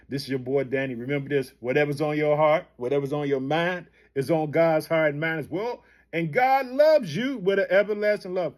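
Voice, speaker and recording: A man's voice: fairly high pitch, moderate pace, hardly any pauses. Fervent man preaching. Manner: fervent, repetitive, calls out to listener. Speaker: podcast host and preacher. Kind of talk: informal late-night sermon.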